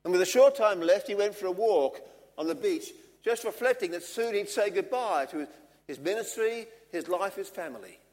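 A man preaching a sermon, earnest and measured, driving his points home with repetition. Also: sits high, expressive, darkish tone. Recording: long hall reverb.

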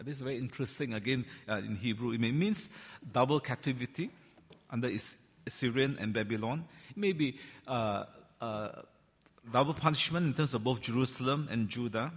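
A man preaching a sermon to a large congregation, talking in a loose, conversational way with frequent fillers and gentle teasing. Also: mid-range voice, slightly rough. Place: large church hall. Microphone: handheld or stand microphone. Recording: long hall reverb.

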